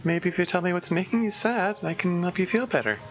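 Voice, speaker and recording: A man putting on an eager, clumsy teenage schoolgirl for a game playthrough, nervous and sincere, pitched well above a man's range. The sound is dull and lo-fi, with music playing behind. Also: fast talker, close to an everyday voice. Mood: earnest. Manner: high, bright put-on girlish voice, nervous and earnest.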